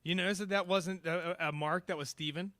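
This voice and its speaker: A man talks in a casual podcast review, rambling with lots of ums and restarts. His voice is bright and fairly high for a man, and the recording is dry and close. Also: steady tone, a little fast, dry recording. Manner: rambling, many fillers and restarts. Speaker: podcast co-host. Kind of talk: casual episode review chat.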